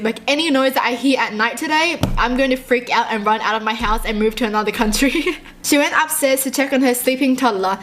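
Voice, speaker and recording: A young woman reading short horror stories aloud and reacting in a jumpy, excitable way, often laughing. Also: fairly high pitch.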